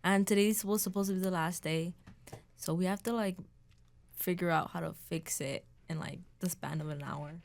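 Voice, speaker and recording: A woman's voice: on the low side, fairly even intonation, normal speed, creaky. A teenage girl student talking about her program in a hesitant casual chat, with many fillers. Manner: hesitant, lots of ums and likes.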